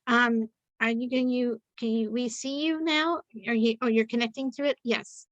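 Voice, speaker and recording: Chatty middle-aged woman hosting, rather high voice. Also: steady tone, moderate pace, no room sound, lo-fi sound. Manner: chatty and rambling, self-correcting, joking. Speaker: podcast host. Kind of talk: casual interview introduction. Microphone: video call.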